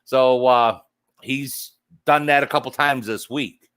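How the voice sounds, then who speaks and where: A man's voice: medium pitch, steady tone, slow, a bit bright, clean tone. A man hosting a casual livestream, rambling and joking as he answers viewer comments. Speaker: livestream host.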